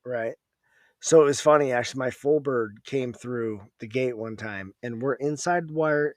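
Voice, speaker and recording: A man's voice: mid-range voice, normal speed, dry recording, studio quality. A man, an Army veteran guest, telling war stories in casual podcast chat in a laid-back, profane way.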